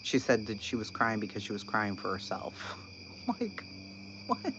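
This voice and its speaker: A man hosting a channel, talking casually about online drama in an animated, incredulous way and laughing often. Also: mid-range voice, moderate pace. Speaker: channel host. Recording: dull lo-fi sound with constant background noise.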